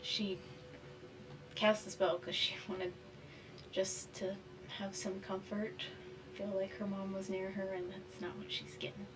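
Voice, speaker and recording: Lively-voiced woman player. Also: medium pitch, a little slow, pauses often. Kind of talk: tabletop game play.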